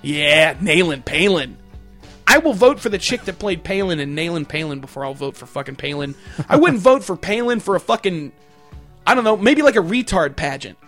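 High-pitched guy ranting crude and rambling, swears nonstop, some music low in the back. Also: very animated, normal speed, a bit bright. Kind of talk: profane comedic rant.

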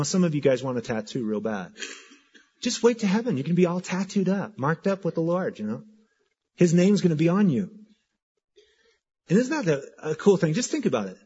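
A man preaching a sermon as pastor, talking in an animated, conversational way and repeating words for emphasis. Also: fairly high pitch, a little fast, highs cut off, a little hiss or hum.

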